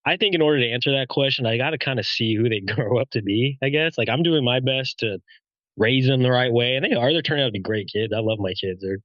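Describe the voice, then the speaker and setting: A man's voice: medium pitch, fast talker, no room sound, muffled recording. A guest and father in a casual podcast chat, easygoing and eager, joking with his friends.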